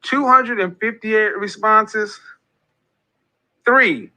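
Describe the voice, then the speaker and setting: A man's voice: high-pitched, extremely slow, sharp tone, low-quality recording. A man in his forties hosting a casual monologue, talking emphatically and repeating phrases like a preacher. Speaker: host of a men's group talk.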